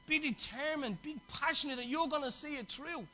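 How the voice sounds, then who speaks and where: A man's voice: very high voice, moderate pace, hardly any pauses, sharp tone, faint music behind, low-quality recording. A man preaching a sermon to his church, passionate and exhorting, with chatty asides.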